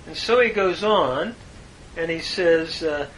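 A man teaching a Bible lesson on Hebrew grammar, explaining each word slowly and earnestly. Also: on the high side, fairly bright tone, slight background noise, rough recording. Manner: slow, deliberate explanation with earnest emphasis.

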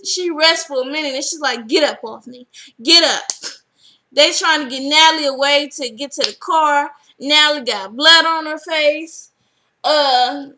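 Young female vlogger, high bright voice, animated recap, acts out quotes. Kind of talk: casual episode recap.

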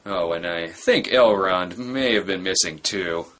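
A man's voice: deep voice, measured pace, a bit bright, a little hiss or hum. A man giving sarcastic, wisecracking comedic commentary on a movie he is reviewing. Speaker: film review host.

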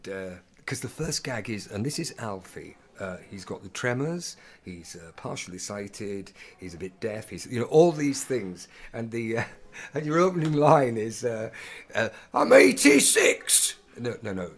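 A male actor telling stories in a casual interview, acting out the dialogue as he goes. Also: medium pitch. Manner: animated storyteller acting out dialogue. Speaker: actor, podcast guest.

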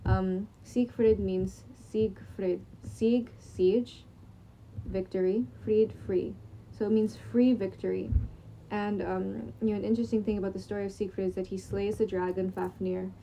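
A woman's voice: mid-range voice, level tone, normal speed, creaky, mellow, slight background noise. A young woman rambling in a late-night monologue, sleep-deprived, with many fillers, restarts and casual swearing. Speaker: vlogger. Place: room at home at night. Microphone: screen recording on computer.

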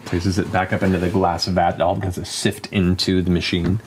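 A man's voice: sits low, level tone, brisk, background noise. A man narrating scenes as a game master, describing at length and calling for rolls. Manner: descriptive, with many fillers and restarts.

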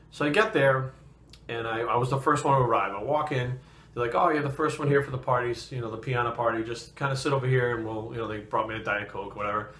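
A man's voice: mid-range voice, fairly bright tone, echoey room. A man from New England telling a rambling personal story in casual, profanity-heavy talk. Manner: profane and rambling, swears constantly. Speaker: fitness vlogger.

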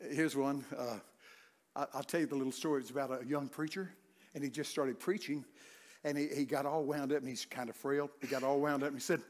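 Older man, folksy preacher, joking stories, fairly high voice. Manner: loud, laughing, acts out voices in stories. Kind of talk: humorous folksy sermon with stories.

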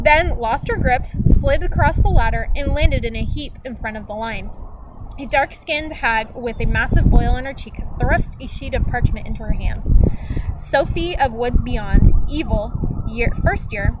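A woman's voice: fairly high pitch, heavy background noise. A woman reading a novel aloud, stumbling now and then and correcting herself. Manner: reads with small slips and self-corrections. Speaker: book reader.

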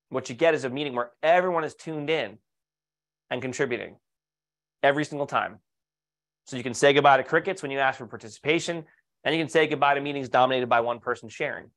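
A man's voice: mid-range voice, a bit bright. A man giving an online webinar talk on leadership as a coach, upbeat and persuasive, with rhetorical questions and client stories. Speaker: leadership coach presenting to architects.

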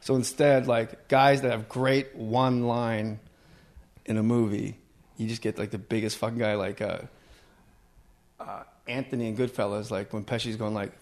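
Podcast host riffing on movie lines. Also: male voice, lowish voice, flat delivery, normal speed, darkish tone. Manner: riffs on movie lines, drops into quoted voices. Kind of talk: casual chat with impressions.

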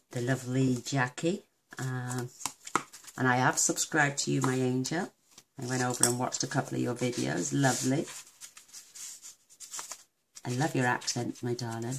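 A woman's voice: a bass voice, creaky, noisy background. A woman from the UK demonstrating a papercraft project step by step, chatty and affectionate as she works. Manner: chatty and affectionate, talks while working. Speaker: craft demonstrator. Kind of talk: casual crafting tutorial.

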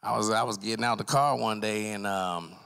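A young man doing a loose, rambling open mic stand-up set, acting out characters in loud voices. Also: fairly low pitch, steady tone, a little fast, gravelly, clean tone. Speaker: stand-up comic. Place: small arts center stage with a live audience.

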